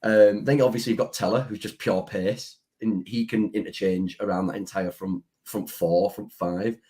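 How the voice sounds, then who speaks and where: A man's voice: on the low side, steady tone, normal speed, dark tone. A man co-hosting a football podcast, analysing players in a talkative way, breaking off and restarting. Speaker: podcast co-host. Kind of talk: casual football chat.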